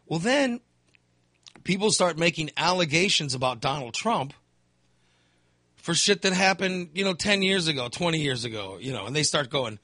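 A man with a fairly high, bright voice goes off on a casual political rant at a moderate pace. He's animated, sighing, swearing and mocking the people he's discussing with impressions. The recording is close and dry, with no room sound.

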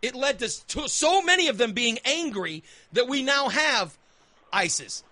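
A man's voice: very high-pitched, sing-song, moderate pace, sharp tone, dry recording. A man hosting a talk radio show, arguing his point emphatically and repeating phrases as he builds his case. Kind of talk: opinionated talk radio debate.

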